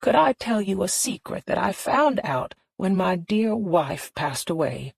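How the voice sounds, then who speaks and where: A woman voicing an elderly, kindly male doctor who speaks slowly and fondly in an audiobook. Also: medium pitch, very animated, vocal fry, breathy edge, no room sound, exaggerated voice. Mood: gentle. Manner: slow, gentle, fond.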